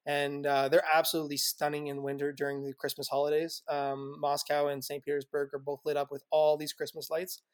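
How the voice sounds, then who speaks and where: A man's voice: a little high, completely flat delivery, a little fast, few pauses, no room sound, studio quality. A man telling travel stories as a guest on a podcast, chatty and loose, laughing often, with lots of fillers and restarts. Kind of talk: casual interview chat.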